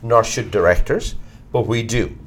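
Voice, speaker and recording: A middle-aged Irish actor being interviewed, talking bluntly and swearing casually as he tells animated stories. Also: lowish voice, a little slow, husky. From Ireland. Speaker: actor, guest. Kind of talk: candid conversational interview.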